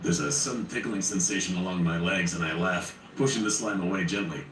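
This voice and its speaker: A man's voice: low voice, a little fast, fairly bright tone. A man narrating a first-person horror story in a wry, conversational way. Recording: roomy, distant, faint noise.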